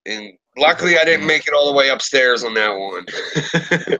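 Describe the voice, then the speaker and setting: A man's voice: mid-range voice, moderate pace, dry recording, highs cut off. A man from the Pittsburgh area telling profane stories in casual chat, acting out what people said. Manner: profane, animated storyteller acting out quotes. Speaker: podcast host.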